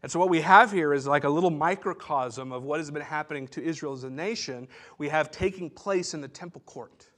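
A man's voice: on the high side, brisk, fairly bright tone. A man pastor giving a sermon, teaching in a conversational way with asides and restarts.

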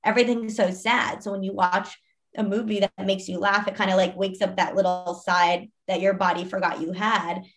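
A woman's voice: mid-range voice, little pitch movement, normal speed. A young woman guest on an interview, telling stories casually and chattily, using "like" constantly. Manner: chatty, heavy use of "like".

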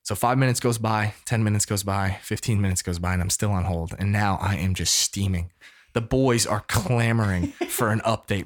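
A man in his thirties from the United States, telling a story casually in an animated, preacher-like way. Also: on the low side, normal speed. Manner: animated, preacher-like call-and-response.

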